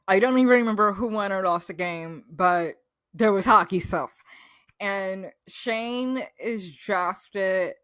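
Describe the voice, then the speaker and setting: Woman host for a reaction vlog, mid-pitched, gushing and chatty, dry close sound. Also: fairly bright tone, no echo. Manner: gushing and enthusiastic, chatty with fillers. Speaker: reaction vlogger. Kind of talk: casual reaction recap.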